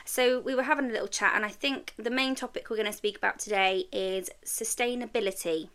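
A woman's voice: mid-range voice, a little fast. A woman co-hosting a podcast, chatting in a friendly way, full of tag questions, over a video call. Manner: warm, encouraging, lots of tag questions. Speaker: podcast co-host. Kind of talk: casual chat.

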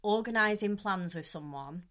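A woman's voice: medium pitch, moderate pace. A young woman, co-hosting a casual podcast and telling stories with lots of fillers. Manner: chatty, animated storytelling with frequent fillers. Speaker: podcast co-host. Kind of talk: casual chat.

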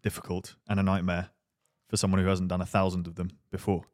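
A man's voice: low voice, flat delivery, fast, darkish tone, dry recording, studio quality. A man co-hosting a podcast, making short jokey remarks. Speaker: podcast co-host. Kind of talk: casual podcast chat.

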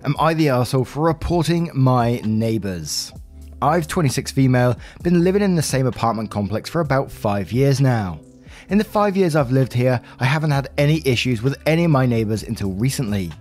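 A man talks through online stories in a casual, friendly reading voice. He sounds like a channel host chatting to regular viewers. Soft music plays faintly behind him. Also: mid-range voice, animated, brisk.

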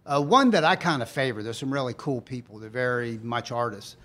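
A man's voice: mid-range voice, brisk, a bit bright. A man hosting a podcast, rambling easily and laughing often. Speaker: podcast host. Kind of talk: casual chat.

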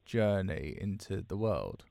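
A man's voice: low voice, big pitch swings, slow pace, creaky, mellow, no echo. A man interviewing a guest, asking questions and speaking openly emotionally.

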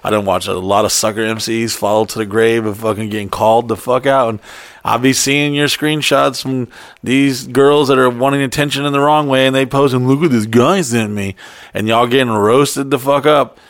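A man's voice: mid-range voice, normal speed, no echo. A man hosting a podcast, telling a profane story in casual chat and acting out the lines of the people in it. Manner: profane, animated storyteller who acts out quotes. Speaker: podcast host.

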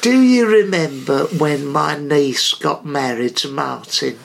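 A man co-hosting a comedy podcast, telling anecdotes and chiming in with quick agreement. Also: a little high, creaky, a crowd in the background. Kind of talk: comic anecdote chat.

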